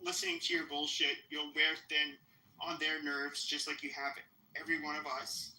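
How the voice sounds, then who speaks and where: Sharp, taunting man ranting on a podcast. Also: on the high side, huge pitch swings, normal speed. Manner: profane, taunting, repetitive. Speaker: podcast host. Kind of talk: confrontational live-stream rant. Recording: roomy echo.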